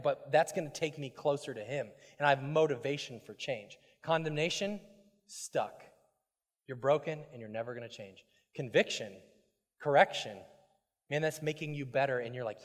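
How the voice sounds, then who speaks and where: A man preaching a sermon as pastor, swinging between loud emphasis and hushed asides and often repeating words as he restarts. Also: on the high side. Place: church sanctuary. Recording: long hall reverb.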